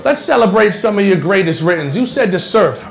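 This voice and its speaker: A man battle rapping at a live event, mocking his opponent loudly and laughing through his lines. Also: high voice, expressive, fairly quick, gravelly. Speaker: battle rapper. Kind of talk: battle rap performance. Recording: noisy live crowd recording.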